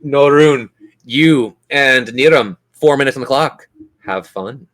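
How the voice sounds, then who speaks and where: A man's voice: mid-range voice, slow pace, a bit bright. Easygoing male game master. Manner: easygoing, explains rules aloud. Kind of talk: narrating a tabletop game.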